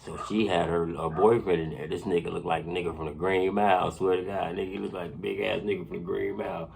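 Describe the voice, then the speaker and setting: A man telling a profane personal story in casual podcast talk, animated and laughing often, checking in with his listeners again and again. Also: sits low, fast, gravelly, slight background noise. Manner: animated, laughing often, keeps saying "you know what I'm saying".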